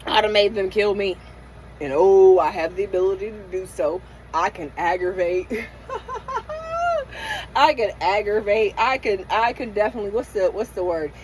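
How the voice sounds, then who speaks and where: A woman's voice: medium pitch, moderate pace, a little mellow, slight background noise, rough recording. A middle-aged woman in a candid late-night vlog rant from inside her van, venting emotionally and profanely with many restarts. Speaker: van-life vlogger.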